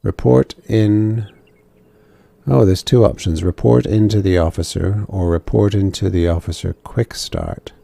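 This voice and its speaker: Man, casual gameplay commentary, chatty, low voice, dry close sound. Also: fairly even intonation, a little slow, creaky, warm tone, no echo. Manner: chatty, joking asides to himself. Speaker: gamer.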